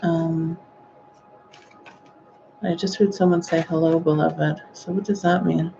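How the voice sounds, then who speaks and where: A woman giving a live-streamed psychic reading, speaking gently and hesitantly with frequent sighing exclamations. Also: fairly low pitch, flat delivery, slow, gravelly, highs cut off, slight background noise. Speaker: psychic medium.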